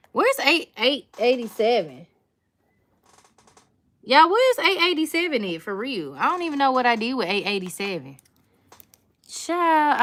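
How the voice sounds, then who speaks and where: A woman's voice: a little high, a bit bright. A woman, chatting casually to viewers as she does a nail tutorial. She talks in a sassy, slangy way. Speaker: nail content creator.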